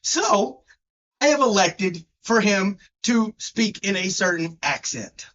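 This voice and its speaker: A man's voice: sits high, expressive, slow pace, fairly bright tone. A man, co-hosting a comedy show with a laid-back, teasing folksy drawl. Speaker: co-host. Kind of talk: comedic banter. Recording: dull lo-fi recording.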